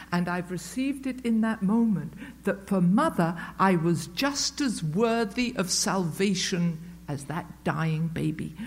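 A woman's voice: mid-range voice, a little mellow. A woman sharing a personal story with a group at a meeting, chatty and self-mocking, with many fillers and restarts. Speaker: speaker sharing at a recovery meeting. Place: meeting room with a live audience.

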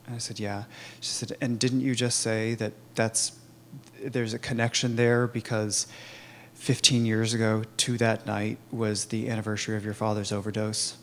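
A man telling his own recovery story in a candid, halting way, with many fillers and restarts. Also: fairly low pitch, flat delivery, a little hiss or hum. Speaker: recovery program member sharing his story. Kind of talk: personal testimony, conversational.

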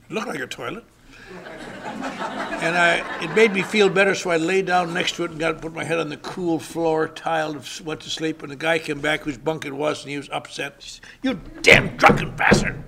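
A man's voice: fairly high pitch, moderate pace, creaky, background noise. An older man sharing his recovery story with dry, wry humor at a convention. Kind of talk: recovery meeting talk. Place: convention hall.

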